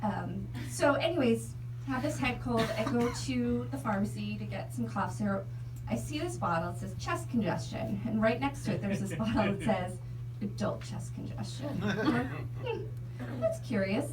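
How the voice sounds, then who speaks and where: Young woman comic, deadpan stand-up delivery, slightly high voice, distant mic with crowd laughter. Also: normal speed, noisy background. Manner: deadpan storytelling with absurd tangents. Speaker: stand-up comedian. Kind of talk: stand-up comedy set. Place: comedy club stage. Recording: echoey club sound from a distance. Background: audience laughter.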